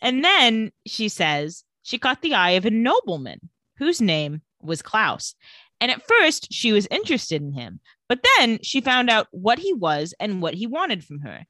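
A woman co-hosting a casual podcast, recapping an episode and acting out the characters' lines with animated storytelling. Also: medium pitch, measured pace, no room sound, studio quality. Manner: animated storytelling, acts out quotes. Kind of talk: casual chat.

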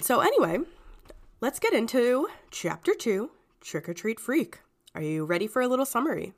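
A woman's voice: on the high side, moderate pace. Giggly congested woman co-hosting a podcast. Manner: giggly, chatty, lively. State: congested from a cold. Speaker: podcast co-host. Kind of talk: casual chat.

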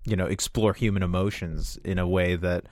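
Young man, podcast guest, casual chat, wry humor, slightly low pitch, dry recording. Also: steady tone, normal speed, a little mellow, no echo. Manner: wry, joking, swears casually.

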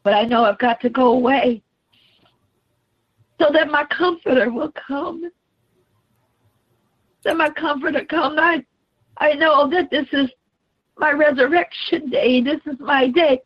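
Brief: a woman preaching as Jesus, a suffering man crying out under the cross, very high voice, slow and drawn out, dull recording. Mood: resolute. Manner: pleading, anguished, crying out. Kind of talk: dramatic sermon portrayal.

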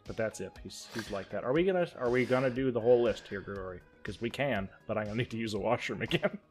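A man's voice: on the low side, animated, quick pace, faint music behind. Wry, sweary male podcast co-host. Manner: wry, sweary, joking, trails off quietly. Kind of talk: casual chat.

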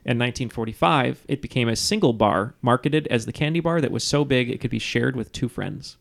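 A man hosts a relaxed trivia podcast among friends, rambling through stories with plenty of ums and uhs. His voice sits at a middle pitch with a gravelly edge. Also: a little fast. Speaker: podcast host running a trivia quiz. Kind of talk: casual chat with friends.

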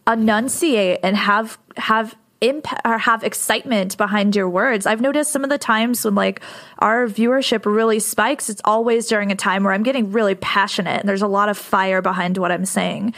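A woman's voice: mid-range voice, steady tone, moderate pace, a bit bright. A woman hosting an interview, reacting with enthusiasm. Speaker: host.

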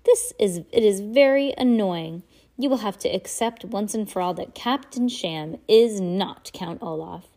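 A woman's voice: medium pitch, unhurried, warm tone. A woman reading a storybook aloud, voicing a fussy, nervous elderly widow who talks primly and frets easily. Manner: prim, fretful and easily flustered.

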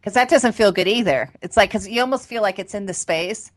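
A woman's voice: medium pitch, brisk, dry recording. Chatty reflective woman co-host. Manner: reflective, chatty, many "like" and "you know" fillers. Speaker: podcast co-host. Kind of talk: casual spiritual chat.

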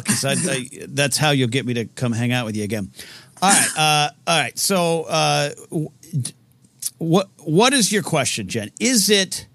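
A man hosting a live call-in show in casual chat, rambling and halting with many restarts. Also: medium pitch, fairly bright tone, no room sound.

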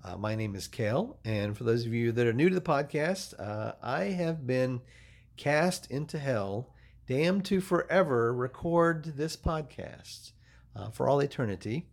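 A man's voice: medium pitch, lively intonation, a little slow, creaky. A man playing a damned soul who hosts a podcast from hell. He acts as the exasperated straight man in an improvised comedy podcast. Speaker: podcast host. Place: podcast studio.

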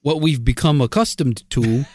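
A man co-hosting a podcast in casual comedic banter, with dry jokes and halting fillers. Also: mid-range voice, darkish tone, no room sound. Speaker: podcast co-host.

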